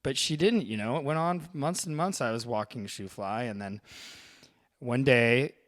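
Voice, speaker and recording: Guy in his 30s telling a story, lots of likes and ums, middle pitch. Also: moderate pace. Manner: animated storyteller, acts out voices. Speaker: co-host. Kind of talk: casual storytelling chat.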